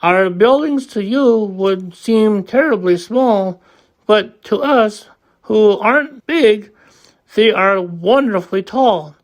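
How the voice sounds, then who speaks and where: A woman's voice: animated, slow pace. A woman voicing a tiny, cheerful male mayor of a Who town in a piping little voice, for a storybook reading. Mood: grateful. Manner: squeaky, piping.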